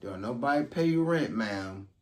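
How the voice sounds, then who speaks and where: A man's voice: medium pitch, expressive, normal speed, darkish tone. A man recapping events in a loose, conversational vlog, with lots of ums. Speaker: vlogger recapping a court trial. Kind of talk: casual commentary. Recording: roomy sound, distant from mic.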